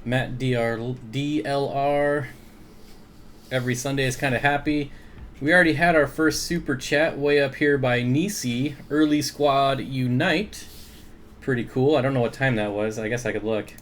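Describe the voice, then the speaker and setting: A man at a middle pitch hosts a relaxed aquarium livestream from home. He greets viewers by name and reads their comments aloud, chuckling often. A faint hum sits in the background. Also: normal speed. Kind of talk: casual livestream chat, reading viewer comments.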